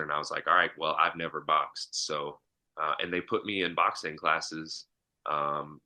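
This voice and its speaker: A young adult man, a podcast guest, chatting casually in an animated way and laughing often. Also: rumbling low. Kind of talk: casual chat.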